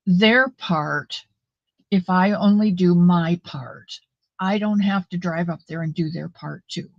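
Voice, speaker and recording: A woman's voice: on the low side, dry recording. A woman hosting a casual livestream, rambling and chatty with many fillers and greeting viewers by name, on a built-in mic with dull lo-fi audio. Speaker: livestream host.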